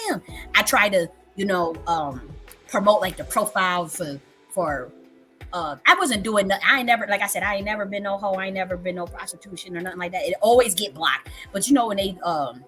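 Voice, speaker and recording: A woman's voice: medium pitch, sharp tone. A woman in her thirties hosting a casual livestream, telling a story candidly with frequent profanity and repetition for emphasis. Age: 30s. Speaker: livestream host.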